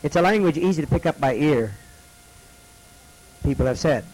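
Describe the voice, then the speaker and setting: A man teaching a classroom lesson, slowly repeating each letter's sound for students to copy. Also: fairly high pitch, expressive, darkish tone, poor audio.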